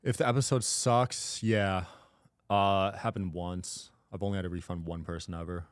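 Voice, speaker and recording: A man as a podcast guest in casual chat, matter-of-fact and quick to agree. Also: sits low, fairly even intonation, smooth, no echo, clean studio sound.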